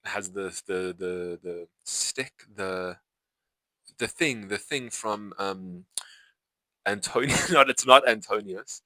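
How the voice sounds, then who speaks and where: Here a young man with itchy eyes takes it slowly while reviewing a film to camera, his voice low-pitched yet bright and forward. He rambles casually, restarting and correcting himself, filling gaps as he goes. Poor audio, close and dry with no echo.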